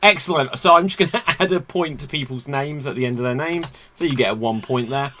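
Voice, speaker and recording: A man's voice: medium pitch, pushed and bright, slight background noise. A man hosting an online comedy game show in a playful, upbeat way over a video call. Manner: playful, quick to laugh.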